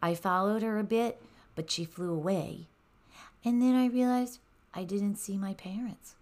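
A woman voicing a frightened little boy hedgehog in a storybook, speaking softly in a shaky voice. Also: mid-range voice, measured pace, pitched above the performer's own voice, natural voice. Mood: scared. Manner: shaky, soft, hesitant voice.

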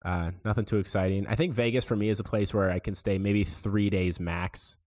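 A young man co-hosting a podcast, telling a rambling weekend story in a relaxed, casual way. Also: on the low side, a little fast. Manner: laid-back rambling storyteller. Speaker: podcast co-host. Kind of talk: casual chat.

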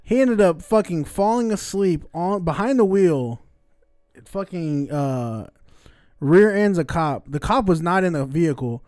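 A man's voice: high-pitched, animated, unhurried, darkish tone, no room sound, clean studio sound. A man, telling stories in a laid-back, slangy way and laughing often. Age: 20s. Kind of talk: casual chat.

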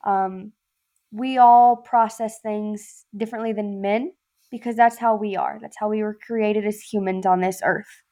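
A woman's voice: medium pitch, fairly even intonation, a little slow, mellow. A woman with a Southern accent, a former Marine and podcast guest, talking bluntly and with lots of swearing in casual chat. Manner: blunt, profane, emphatic.

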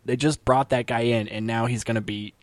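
A man's voice: medium pitch, fairly even intonation, brisk, no echo. A man in casual podcast chat, laughing easily and joking.

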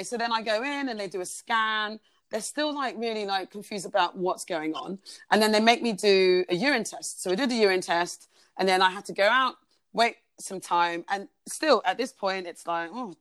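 A woman's voice: medium pitch, normal speed, fairly bright tone, no room sound. A woman, a podcast guest telling a personal story in a chatty way, full of "like" and "basically".

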